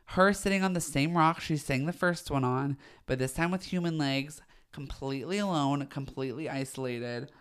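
A podcast host chatting alone in a casual, gushing way, full of slang and eager asides to listeners. Sentences often break off and restart with fillers as the excitement runs ahead of the words. The voice sits in a middle pitch. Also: moderate pace, hardly any pauses, clear, resonant tone. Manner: frequent fillers and trailing restarts. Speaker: podcast host reviewing a film. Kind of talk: casual solo podcast chat.

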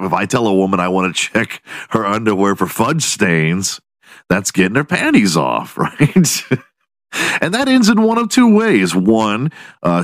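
Deep-voiced man in a crude podcast ramble. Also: dry recording, clean studio sound. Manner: crude, rambling, laughs at his own jokes. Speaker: podcast host. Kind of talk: casual comedic monologue.

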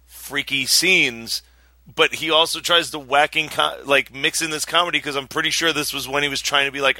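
A hoarse man hosting a casual movie chat, rambling and laughing often. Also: fairly high pitch, fairly even intonation, brisk, sharp tone, no room sound.

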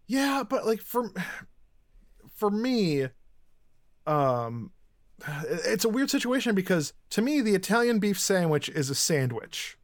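A man with a Chicago accent chats on a podcast, his voice sitting a little high. He talks loosely and easily, trading jokes with his co-host. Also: sing-song, takes it slowly. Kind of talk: casual chat.

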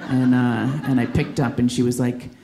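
A comedian from Boston tells stories in a loose, chatty way and keeps laughing through the lines. The voice sits in the middle of the range. The clip carries clear noise and room ambience behind the set. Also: medium pitch, level tone, normal speed, mellow. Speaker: stand-up comedian. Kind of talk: stand-up comedy routine.

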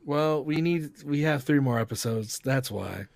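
Male podcast co-host, laid-back fan talker, slangy, halting, dry call audio. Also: medium pitch, vocal fry, dry recording. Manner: relaxed, slangy, halting with restarts. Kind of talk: casual chat over a video call. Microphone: video call.

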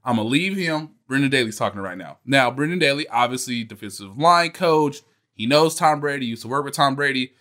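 A man co-hosting a casual sports podcast, telling stories in an animated, laughing way. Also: medium pitch, brisk. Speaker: podcast co-host.

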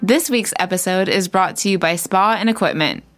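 A woman's voice: medium pitch, fairly quick, fairly bright tone, soft background music. Playful young woman co-host. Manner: playful, teasing. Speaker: podcast co-host. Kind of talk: casual podcast chat.

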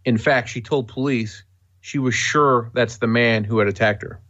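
A man's voice: medium pitch, steady tone, moderate pace, a bit bright. Serious male true-crime co-host, dull lo-fi sound. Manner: matter-of-fact, serious. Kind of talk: scripted true-crime narration.

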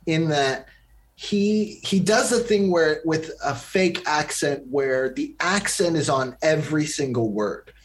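Blunt man critiquing films, raised pitch. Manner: critical, blunt, fast bursts of opinion. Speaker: podcast co-host. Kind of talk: casual film review chat.

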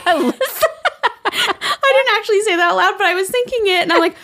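A woman's voice: extremely high pitch, quick pace. A young woman co-hosting a podcast, telling a story in casual chat, acting out the people she quotes and laughing often. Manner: animated, acts out quoted people in raised voices, laughs often. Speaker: podcast co-host.

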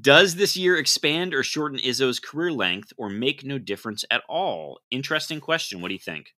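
Wry, very bright-voiced man reading questions. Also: medium pitch, lively intonation, normal speed. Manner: wry, laughing, dry one-line answers. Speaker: podcast co-host reading listener questions. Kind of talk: casual sports podcast chat.

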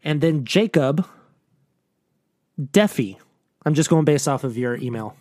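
A man co-hosting a news podcast in casual chat, joking and cutting in with quick remarks. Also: on the high side, animated, darkish tone, no echo, clean studio sound. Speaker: podcast co-host.

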